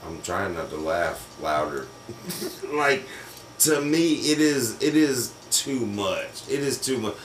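A man co-hosting a podcast, telling a story in an animated, profane way and laughing as he goes. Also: medium pitch, takes it slowly. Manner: animated, profane, laughs through his stories. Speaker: podcast co-host. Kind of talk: casual storytelling chat. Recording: roomy, distant mic with faint noise.

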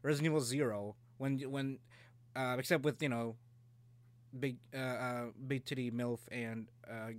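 Brief: mid-pitched man, casual co-host, loose and sweary, dry close mic. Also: steady tone, normal speed, dry recording. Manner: casual, swears freely, trails off. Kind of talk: casual chat.

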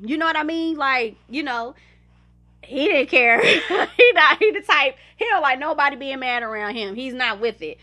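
A woman's voice: high voice, bright, forceful tone. A young woman from the United States hosting a podcast, talking candidly and conversationally about her life and laughing now and then. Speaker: podcast host. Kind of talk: reflective personal talk.

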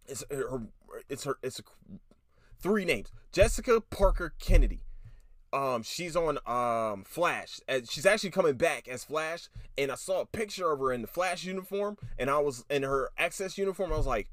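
A man's voice: medium pitch, moderate pace, dry recording, studio quality. A man hosting his own podcast, talking casually and rambling, swearing often and restarting his sentences. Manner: animated, profane, rambling with restarts. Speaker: podcast host. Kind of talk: casual solo podcast commentary.

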